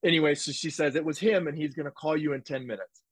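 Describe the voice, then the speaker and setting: A man telling a personal story in a casual interview, animated and rambling, with restarts and quoted dialogue. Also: fairly high pitch, fast talker, breathy edge, no echo, rough recording. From United States. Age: 20s. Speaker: guest, former football player. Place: home office.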